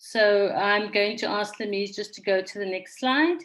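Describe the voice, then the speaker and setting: A woman chairs an online conference session, speaking in a measured, orderly way at an average pitch. She heard over a video call, calm and organised as she guides the group. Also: low-quality recording. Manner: measured, orderly, reads names from the chat.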